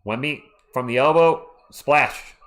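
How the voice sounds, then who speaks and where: Fan streamer, male, voice going hoarse, lively swings in pitch; excitable play-by-play. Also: normal speed. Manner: excitable, ranting about referee calls. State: losing his voice. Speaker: live stream host.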